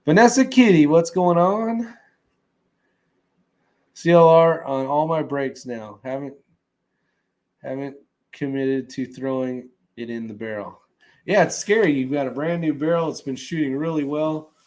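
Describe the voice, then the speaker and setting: Male livestream host, relaxed and rambling, mid pitch, casual chat delivery. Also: moderate pace.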